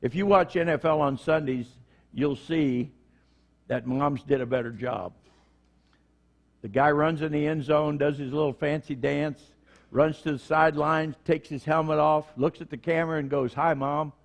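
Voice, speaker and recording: A man's voice: fairly high pitch, fairly even intonation, normal speed. A middle-aged man preaching a conversational sermon in church, acting out short quotes as he goes. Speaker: prison minister preaching.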